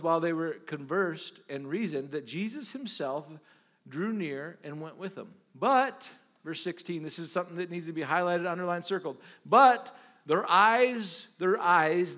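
Male pastor mid-sermon, animated delivery with repeated phrases, voice a bit high. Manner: animated preaching with retold dialogue and repetitions.

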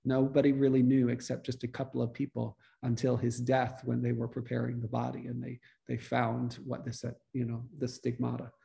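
A man, a priest, giving a relaxed, conversational teaching talk to a church study group, restarting his sentences often. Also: mid-range voice, brisk, creaky, hardly any pauses. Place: church meeting room.

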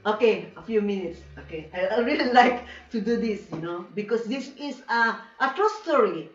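A woman's voice: mid-range voice, normal speed. A woman with a Filipino accent giving an emotional personal testimony, speaking broken English mixed with Cebuano. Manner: emotional, animated storytelling, laughs often. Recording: roomy, distant, dull lo-fi sound.

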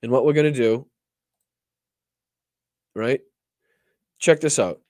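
A man's voice: medium pitch, takes it slowly, a little mellow, no echo. Swearing, rambling male stream host. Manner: profane, rambling, frequent restarts. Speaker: political talk show host. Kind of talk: casual livestream commentary.

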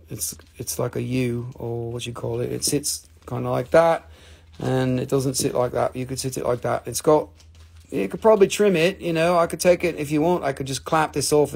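A man hosting a casual live-stream sale, excitable and joking with viewers, swearing freely. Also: medium pitch, gravelly, slightly rough. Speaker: live-stream mineral seller.

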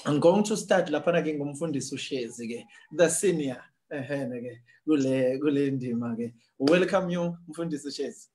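A man's voice: fairly high pitch, moderate pace, a little mellow, a little hiss or hum. A South African man hosting a prophetic church broadcast, exuberant and preacherly, greeting fellow pastors. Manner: exuberant, laughing often, preacherly. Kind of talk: lively church broadcast, mixing English and Zulu.

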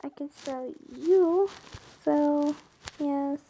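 A woman's voice: sits high, very slow, dark tone, dull audio, slight background noise. A woman giving casual, rambling commentary while playing a life-simulation game, talking to herself and to her viewers. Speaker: gameplay video host.

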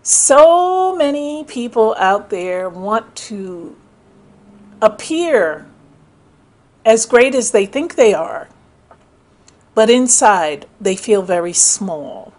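A woman's voice: a little high, extremely slow, pauses often. A middle-aged woman talking casually into the camera, telling stories and acting out the people in them. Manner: storytelling, animated, quotes others in voices. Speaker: commentator. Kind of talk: casual spoken commentary.

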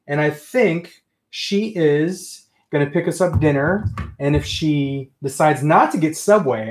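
A man hosting a casual livestream, talking excitedly and ranting to his chat. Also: a little high. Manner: excitable, ranting, says friggin' often. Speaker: livestream host.

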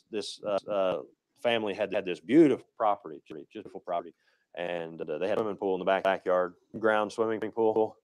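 A man's voice: deep voice, darkish tone, dry recording, low-quality recording. A male pastor giving a casual, conversational sermon, with many restarts and a habit of asking "right?".

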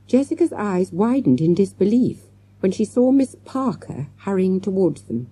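A woman narrating a children's audiobook with lively storytelling and many character voices. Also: low-pitched, normal speed, breathy edge.

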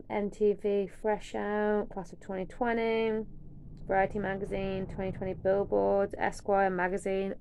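A woman's voice: mid-range voice, little pitch movement, unhurried, vocal fry, dark tone, clean tone. A young woman chatting casually through an unboxing, swearing now and then and dropping into whispers. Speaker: vlogger.

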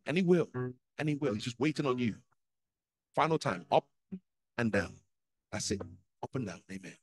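Pastor giving an urgent altar call. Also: male voice, mid-range voice, lively intonation, moderate pace, pauses often, poor audio. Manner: urgent, repetitive, pleading. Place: church.

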